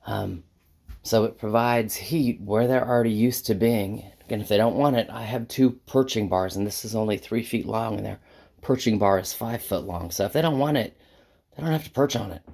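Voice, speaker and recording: Very low-voiced woman explaining a project. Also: normal speed, creaky, mellow. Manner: rambling step-by-step explaining, frequent restarts. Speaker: backyard chicken keeper. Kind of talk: casual how-to vlog.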